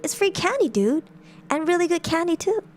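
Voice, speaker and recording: An eager young boy with a squeaky, high voice, as a woman storyteller puts him on. He sounds pushy and pleading, far above her own pitch, with faint music underneath. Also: very animated, normal speed. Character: excited young boy trick-or-treater.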